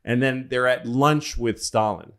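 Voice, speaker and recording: A man's voice: mid-range voice, measured pace, a bit bright. A man co-hosting a comedy podcast, telling a rambling, profane history story with lots of animation. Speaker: podcast co-host.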